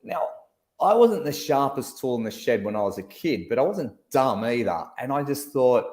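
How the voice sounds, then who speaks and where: A man's voice: medium pitch, moderate pace. Joking man in an echoey room. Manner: joking, animated storyteller. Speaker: host. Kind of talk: casual chat.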